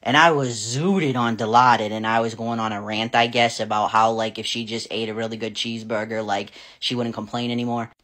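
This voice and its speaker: A woman's voice: a bass voice, steady tone, a little fast, few pauses, a bit bright. A woman vlogger telling a personal story to camera in a frank, casual way, swearing freely and laughing often. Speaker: parent vlogger.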